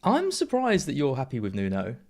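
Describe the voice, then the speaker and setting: A man co-hosting a casual podcast who teases his partner. His pitch sits in the middle but moves a lot, keeping the talk lively. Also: brisk. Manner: teasing, animated. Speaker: podcast co-host.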